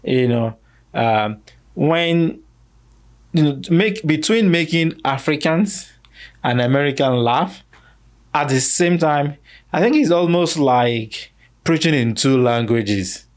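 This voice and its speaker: A man hosting a podcast, asking slow, reflective questions in a casual interview. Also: a little high, animated. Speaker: podcast host.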